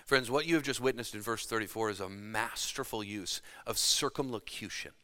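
A man preaching a sermon with dramatic shifts between loud emphasis and hushed delivery. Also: on the low side, moderate pace. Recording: long reverb of a large hall.

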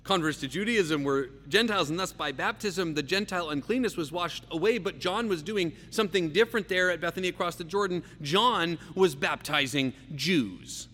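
A man preaching a verse-by-verse sermon, emphatic, slowing down and repeating key phrases for weight. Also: high-pitched, sharp tone. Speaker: pastor. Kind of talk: expository sermon. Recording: long reverb, faint hum.

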